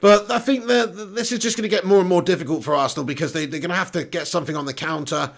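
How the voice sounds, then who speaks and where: A man talks through a live football match for his viewers, reading their comments and swearing casually. His voice sits high for a man and has a rough, gravelly edge. When a chance comes he jumps into fast, excited play-by-play. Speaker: watch-along host.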